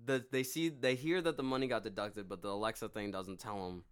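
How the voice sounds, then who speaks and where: A man co-hosting a podcast, swearing a lot and telling a reality-show story in animated detail. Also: fairly low pitch, brisk, smooth. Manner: profane, animated storytelling with quoted voices. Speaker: podcast co-host. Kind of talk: casual chat.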